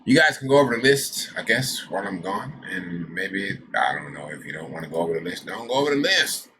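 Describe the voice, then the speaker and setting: Loose, swearing stream host, a man with a lowish voice and a faint hiss behind him. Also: very animated, a little fast, sharp tone, rough recording. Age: adult with a daughter. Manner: rambling, loose, swears often; reads lists aloud with side remarks. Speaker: host of a cannabis news show. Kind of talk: casual live-stream chat.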